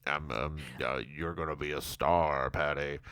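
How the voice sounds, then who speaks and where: A man voicing a pompous middle-aged male stage producer who gives a halting, droning toast full of hesitations. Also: very deep voice, fairly even intonation, fairly bright tone, clear, resonant tone, no echo, studio quality, pitched below the performer's own voice, full character voice.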